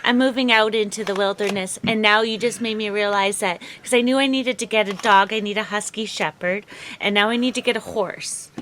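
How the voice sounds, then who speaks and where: A woman's voice: mid-range voice, fairly even intonation, a little fast, a bit bright, a little hiss or hum. A woman co-hosting a casual podcast, laughing often and teasing her partner. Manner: giggly, playfully teasing. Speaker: co-host.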